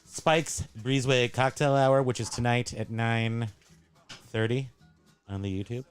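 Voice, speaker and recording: A man's voice: mid-range voice, fairly even intonation, a little slow, faint music behind. Rambling, jokey man hosting casual chat. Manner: rambling, jokey, self-correcting. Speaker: host. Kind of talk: casual show-and-tell chat.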